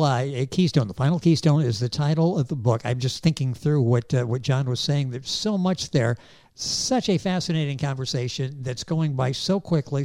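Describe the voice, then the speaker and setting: Mellow-voiced host in a dry room. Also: male voice, medium pitch, no echo. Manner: hesitant, with many fillers while recapping. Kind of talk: interview hosting.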